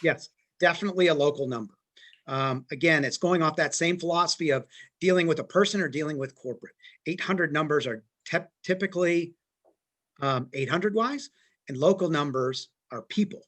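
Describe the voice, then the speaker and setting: A man answering as a guest expert on a live training webinar, explaining in a steady, plain way. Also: fairly high pitch, normal speed.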